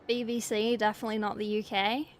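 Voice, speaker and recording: A woman's voice: medium pitch, little pitch movement, a little fast, a little hiss or hum. A woman from England and New Zealand, with an English accent that carries New Zealand traces, chatting playfully with viewers while she paints miniatures and answering the chat in short bursts.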